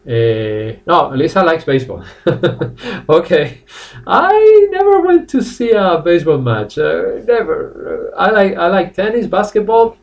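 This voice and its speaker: A Spanish-accented man teaches English to viewers online, and his pitch swings in a lively way as he explains. He laughs easily and greets his students by name. He sits a little back from the microphone. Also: far from the mic. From Spain. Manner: animated, laughs often, addresses viewers by name. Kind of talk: live online English lesson. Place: classroom.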